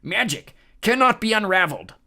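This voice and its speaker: A big, crude, bragging cyclops, loud and pitched up, gravelly, lively swings in the line. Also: male voice, normal speed, heavily acted. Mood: gloating, boastful. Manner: broken grammar, gloating and growling. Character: huge boastful male cyclops, crude and menacing. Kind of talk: audiobook character voice.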